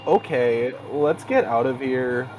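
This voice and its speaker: A man's voice: mid-range voice, slow, darkish tone, slight background noise, pitched below the performer's own voice, lightly acted, poor audio. A man reading as a subdued teenage boy.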